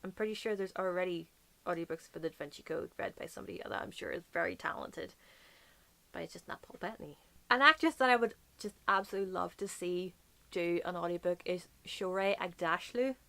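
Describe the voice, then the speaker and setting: A woman's voice: fairly low pitch, quick pace, vocal fry, pushed and bright. A woman from Northern Ireland with a light Northern Irish accent, chatting casually to camera as a book vlogger, gushing and playful with whispered asides.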